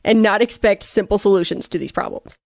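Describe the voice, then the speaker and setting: A woman co-hosting a fan podcast, chatting casually with dry, deadpan sarcasm. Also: medium pitch, fairly quick, gravelly, no echo. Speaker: podcast co-host. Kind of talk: casual chat, TV episode discussion.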